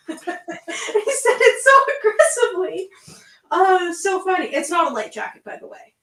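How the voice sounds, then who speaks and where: A woman's voice: high voice, expressive. Giggly Canadian teen girl, roomy distant sound. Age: late teens. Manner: chatty and giggly, quick with asides. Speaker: guest. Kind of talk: casual video chat.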